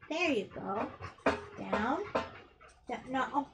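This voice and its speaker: A woman's voice: high-pitched, measured pace, noisy background. A young adult woman chatting casually on a live game stream, playful and chatty, swearing freely and coaxing her pet between rounds. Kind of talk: casual live-stream chat while gaming.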